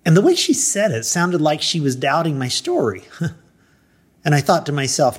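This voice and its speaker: A middle-aged man, a pastor, telling a personal story in an animated way, acting out his own thoughts and replies. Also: a little high, a little slow, husky.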